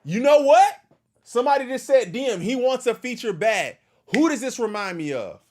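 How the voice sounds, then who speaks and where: A man's voice: very high-pitched, animated, fairly quick. A man hosting a casual reaction stream, questioning and repeating himself in disbelief. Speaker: host reacting to a video.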